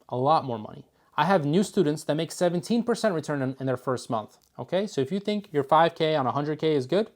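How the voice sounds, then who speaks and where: A man from Philadelphia teaching an options trading course, talking emphatically and repeating his points. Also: mid-range voice. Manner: emphatic, repetitive, pumps up his voice when excited. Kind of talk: course lecture to camera.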